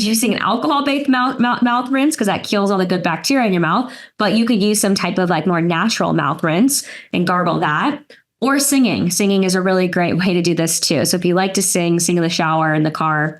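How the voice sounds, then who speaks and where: A woman presenting a nutrition workshop, gently talking listeners through an exercise step by step with casual fillers. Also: fairly low pitch. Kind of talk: guided exercise instruction.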